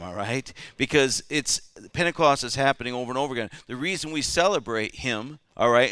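A pastor's medium-pitched, slightly bright, smooth voice comes through in studio quality with no echo as he preaches a Pentecost Sunday sermon in church. He checks in with the congregation as he goes, leading call-and-response and asking "all right?" over and over.

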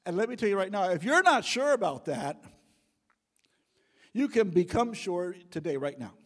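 A man preaching a sermon to a congregation in a church, building to loud, emphatic calls. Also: lively intonation, moderate pace. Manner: preaching with rising, booming emphasis. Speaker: pastor. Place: church sanctuary. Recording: long church hall reverb.

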